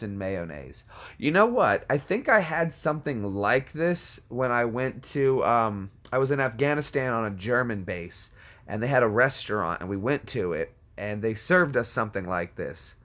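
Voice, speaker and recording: Playful man with a lively, bouncing voice. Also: mid-range voice, moderate pace. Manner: jokey, riffs on movie quotes and puts on silly voices. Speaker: streamer reacting to viewer comments. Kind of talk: casual chat.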